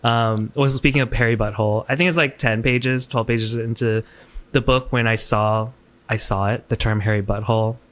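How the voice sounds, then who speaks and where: A man's voice: mid-range voice, fairly even intonation, normal speed. A man co-hosting a podcast, chatty and teasing with his guest. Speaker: podcast co-host. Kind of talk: casual podcast chat.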